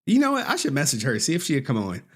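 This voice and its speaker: A man's voice: fairly high pitch, huge pitch swings, fast, fairly bright tone, slightly rough. A man hosting a casual livestream, laughing often, joking and swearing as he talks. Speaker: streamer host.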